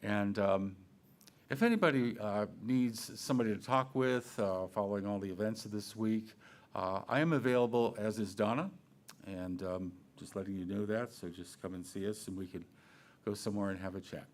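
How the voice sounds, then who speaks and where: A man giving a Sunday talk in a relaxed, conversational way, with playful asides and questions to himself. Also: on the low side, moderate pace. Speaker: minister. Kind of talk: sermon.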